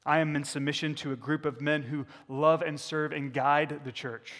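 A man's voice: a little high, steady tone, normal speed, a bit bright. A man preaching a candid sermon as a pastor, putting questions to the congregation. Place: church sanctuary. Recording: echoey church hall.

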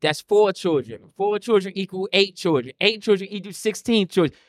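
Brief: man, high-pitched, emphatic preachy talker, dry close sound. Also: animated, normal speed, no echo. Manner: emphatic, preachy, repeats key phrases. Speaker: podcast co-host. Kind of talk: casual podcast discussion.

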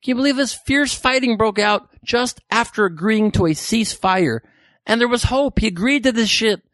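A man's voice: high-pitched, normal speed, fairly bright tone, no room sound, studio quality. A man hosting a podcast, riffing sarcastically and profanely on news headlines. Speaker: podcast host. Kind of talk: comedic news commentary.

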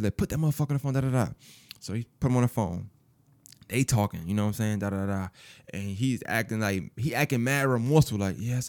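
A man telling a personal story in casual, profane speech, acting out other people's lines as he goes. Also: lowish voice. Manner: animated, profane, acts out quoted voices.

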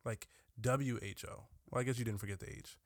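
Male podcast co-host, mid-pitched, quick jokes and swearing, dry close mic. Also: fairly even intonation, dry recording. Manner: joking, profane, acts out bits. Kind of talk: casual chat.

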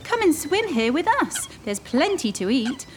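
Woman voicing a kind swan flock in a storybook, slow, drawn-out, gentle, high. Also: very animated, background noise. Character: graceful kind flock of swans.

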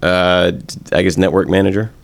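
A man in the audience giving short, flat answers to the host's questions. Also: sits low, fairly quick, gravelly. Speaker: audience member.

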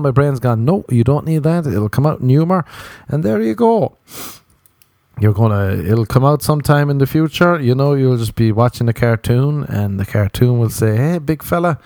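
A man's voice: mid-range voice, darkish tone, no echo. An Irish man hosting a podcast, rambling through a profane comedic monologue that hops from tangent to tangent. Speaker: podcast host.

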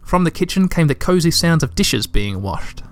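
A man narrating a storybook aloud in a calm, even storytelling manner. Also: a little high, moderate pace.

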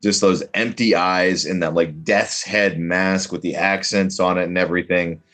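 Male podcast co-host, deep voice, knowledgeable, lively. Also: normal speed, soft background music. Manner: knowledgeable, animated, detail-heavy. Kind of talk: casual chat.

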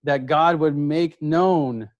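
Emphatic preacher man, slow deliberate delivery. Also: fairly even intonation, muffled recording. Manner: emphatic, repeats key words, drops low for quoted lines. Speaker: pastor. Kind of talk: sermon.

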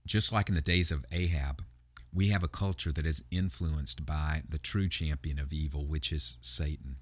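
A man's voice: very deep voice, steady tone, normal speed, dry recording. A male pastor retelling a Bible story in a sermon, talking conversationally with frequent fillers and restarts.

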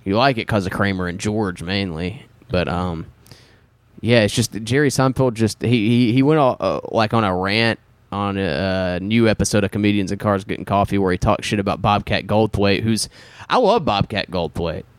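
A man's voice: on the low side, normal speed, smooth, no room sound. A man hosting a casual chat podcast, talking in a rambling, profane way. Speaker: podcast host.

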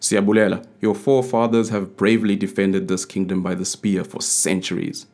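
A man voicing a stern, worried older king who pleads loudly with his son. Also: low voice, little pitch movement, moderate pace. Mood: pleading.

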